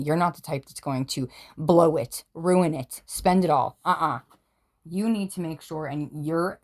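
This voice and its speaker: Low-voiced gushing woman tarot reader. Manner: excitable, gushing, swears casually. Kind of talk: casual tarot reading to camera. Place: at home.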